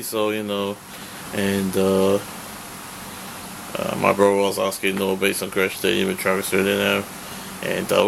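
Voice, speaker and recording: A man's voice: on the low side, vocal fry, fairly bright tone, a little hiss or hum. A man rambling through a casual vlog, full of fillers and restarts, swearing when annoyed. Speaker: vlogger.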